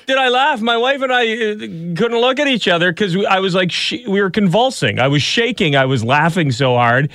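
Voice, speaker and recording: A man in his thirties hosting a casual talk show. His pitch swings widely as he tells animated stories and laughs through them. The sound is close and dry. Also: fairly quick, few pauses, dry recording. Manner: animated storyteller, laughs often, acts out his child's lines. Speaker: radio show host. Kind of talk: casual morning show banter.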